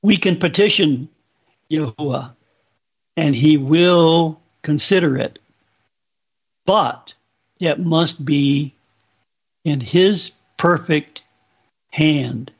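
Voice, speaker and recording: A man slowly and solemnly recounting a religious vision as testimony. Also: fairly high pitch, husky. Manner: slow, deliberate, solemn. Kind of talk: slow spoken testimony.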